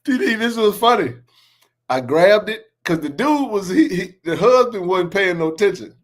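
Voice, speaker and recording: A man in his forties with a high-pitched voice talks at a normal speed. Hosting a sports podcast, he tells neighborhood stories in casual chat, laughing a lot and using plenty of slang as an animated storyteller.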